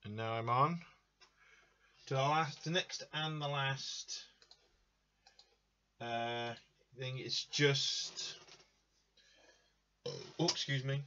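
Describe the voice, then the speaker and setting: A man's voice: medium pitch, fairly even intonation, extremely slow, long pauses, sharp tone, slight background noise. A man hosting a drawing livestream in casual chat, greeting viewers by name and murmuring as he reads out requests. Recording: dull lo-fi stream audio.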